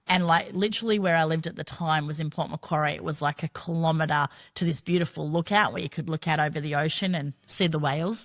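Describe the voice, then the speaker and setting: A middle-aged Australian woman telling her own story as a podcast guest, frank and chatty, swearing freely. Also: deep voice. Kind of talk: candid personal storytelling.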